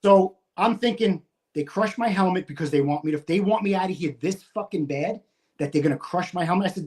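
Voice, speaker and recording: A man's voice: fairly high pitch, brisk. Man telling a profane, heated story. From United States. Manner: profane, animated, acts out his own shouting. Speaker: guest, retired firefighter. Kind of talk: casual storytelling.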